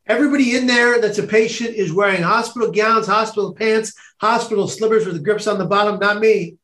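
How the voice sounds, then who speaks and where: A man with a high voice tells a personal story as a podcast guest. He is animated and laughs often. The room sounds echoey. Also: a little fast. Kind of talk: storytelling in casual chat.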